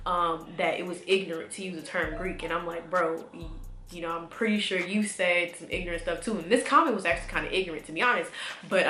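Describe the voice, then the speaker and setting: A woman's voice: fairly low pitch, a bit bright. A young woman vlogging to camera in a casual, rambling way with lots of fillers, a little congested. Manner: chatty, rambling, many fillers. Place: home room. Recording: echoey room.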